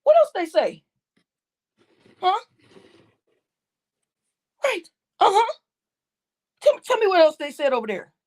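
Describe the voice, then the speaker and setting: A high-voiced woman hosts a livestream and rants in heated indignation at her viewers. She scolds them and stacks up repeated phrases as she hammers each point home. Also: wildly swooping pitch, slow, long pauses. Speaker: livestream host.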